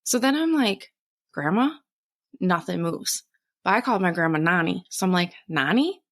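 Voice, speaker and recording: A young adult woman chats on a podcast and tells a story with lively energy, her pitch swinging up and down as she acts out each moment. She swears freely and talks in a relaxed, casual way. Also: a little fast. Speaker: podcast co-host. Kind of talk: casual chat.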